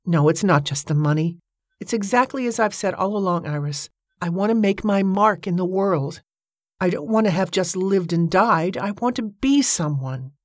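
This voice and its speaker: A woman's voice: lowish voice, expressive, normal speed, no echo, studio quality. A woman reading the part of an ambitious young woman who speaks firmly and earnestly. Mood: determined. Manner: firm, earnest.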